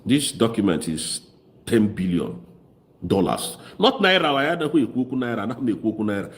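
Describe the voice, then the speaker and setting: His voice is lowish with big pitch swings and a moderate pace. The man, who is from southeast Nigeria and speaks with an Igbo accent, offers mocking, impassioned political commentary and slips into Igbo along the way.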